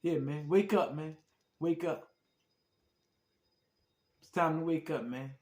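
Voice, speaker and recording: Guy hosting a podcast, kinda high voice, says man a lot, echoey room. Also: takes it slowly, a little mellow. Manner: repetitive, keeps calling listeners "man". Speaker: podcast host. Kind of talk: emotional podcast sign-off.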